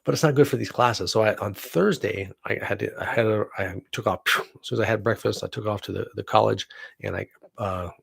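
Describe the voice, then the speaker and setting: A man's voice: lowish voice, brisk, gravelly, slightly rough, no room sound. A middle-aged man chatting casually on a home live stream, rambling with many fillers and restarts. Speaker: vlogger and actor. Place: home room.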